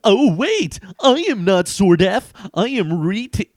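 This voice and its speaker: A man voicing an eager young male superhero from a homemade comic, with loud, excited exclamations. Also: sits high, slow, dry recording, clean studio sound, pitched above the performer's own voice, heavily acted.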